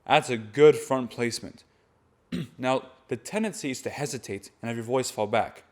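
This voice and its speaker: A man's voice: medium pitch, moderate pace. A man teaching voice technique, explaining each step plainly and demonstrating sounds between his explanations. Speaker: voice and chant teacher. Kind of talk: vocal technique lesson.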